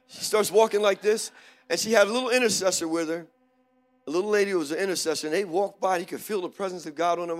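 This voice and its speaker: A middle-aged male preacher telling a personal story in a sermon, animated, swinging from hushed moments to loud exclamations. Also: fairly high pitch.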